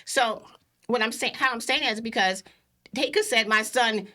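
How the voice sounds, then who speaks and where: Bright-voiced blunt woman podcaster. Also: a little high, moderate pace. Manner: emphatic, blunt, animated storytelling. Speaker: podcast co-host. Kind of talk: casual podcast chat.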